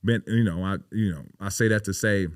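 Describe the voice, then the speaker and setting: Deep-voiced man telling stories emphatically. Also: brisk, clean tone, no echo, studio quality. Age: 30s. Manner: emphatic, profane, heavy on "you know" fillers. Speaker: podcast guest, pro basketball player. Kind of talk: casual interview storytelling.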